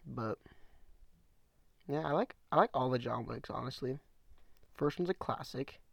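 A young man hosting a casual solo podcast from a small room at home, rambling in relaxed slang. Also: mid-range voice, measured pace, vocal fry, breathy edge, no echo. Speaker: podcast host.

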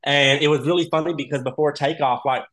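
A man telling stories as a guest in a casual chat. He talks with animated energy and laughs often. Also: on the high side, fast talker, rough recording. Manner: animated, laughs often, acts out quoted voices. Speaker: reality show contestant, podcast guest.

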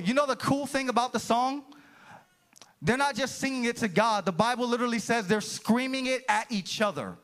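A man preaching a sermon as pastor, animated and talking straight to the congregation, now and then breaking into shouted bursts. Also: very high-pitched, moderate pace.

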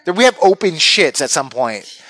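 A man's voice: a little high, moderate pace, no echo. Guy doing a raunchy comedy bit, voice swings all over the place, dry close sound. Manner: animated, crude, acts out voices with big jumps. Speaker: comedian telling a story. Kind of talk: profane comic storytelling.

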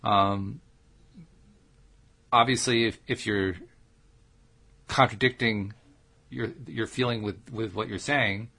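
A man's voice: fairly low pitch, fairly even intonation, slow, vocal fry, pauses often, sharp tone, slightly rough. A man co-hosting a casual talk show, asking probing coaching questions and often restarting his sentences. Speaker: podcast co-host.

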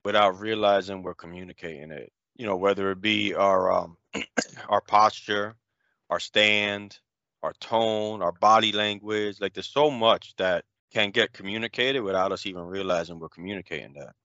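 A man with a lowish, bright, forceful voice talks casually in a loose, reflective ramble, leaning on "you know". The sound is dry and close, a little muffled and lo-fi. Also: steady tone, moderate pace, dry recording. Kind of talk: casual conversation.

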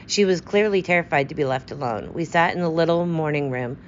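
A woman narrates a story in a steady, measured reading voice. Her pitch sits low. The recording sounds slightly dull, with a faint hiss underneath. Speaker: audiobook narrator. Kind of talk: scripted narration.

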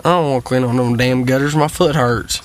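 A man's voice: mid-range voice, steady tone, a little fast, slight background noise. Tired, cussing man rambling to viewers. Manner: profane, drawling and meandering, full of fillers. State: worn out and tired. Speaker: vlogger. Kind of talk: rambling casual monologue to viewers. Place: at home, sitting.

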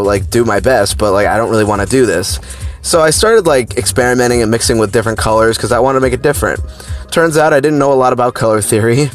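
A man telling a personal childhood story in a rambling, animated way, with lots of fillers and restarts. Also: on the low side.

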